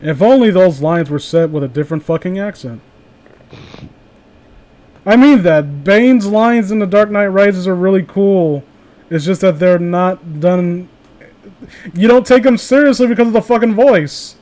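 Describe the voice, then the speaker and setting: Young male host, high voice, sarcastic, profane, comedic read-through. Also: measured pace, a little mellow. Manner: sarcastic, swears, laughs, mock voices for quotes. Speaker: host reading fan fiction aloud. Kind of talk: casual comedic reading and commentary.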